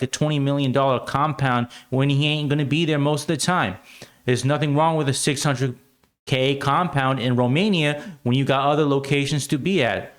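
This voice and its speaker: An American man hosting an opinionated commentary show, talking emphatically with rhetorical asides. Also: medium pitch.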